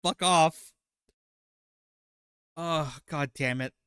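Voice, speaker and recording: A man's voice: on the high side, very slow, fairly bright tone, smooth, no room sound, studio quality. A man hosting a casual livestream, reacting to clips with crude, sarcastic rambling. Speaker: livestream host.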